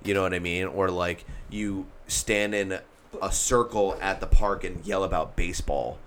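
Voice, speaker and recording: Man, casual chat, blunt, profane, very deep voice, faint noise. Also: steady tone, normal speed, a bit bright.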